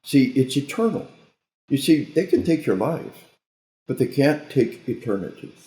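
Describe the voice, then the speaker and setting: A man's voice: mid-range voice, sing-song, normal speed, warm tone. A man, a guest military trainer, talking in an emphatic, sermon-like way with frequent restarts. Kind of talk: interview talk, preachy storytelling. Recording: roomy echo.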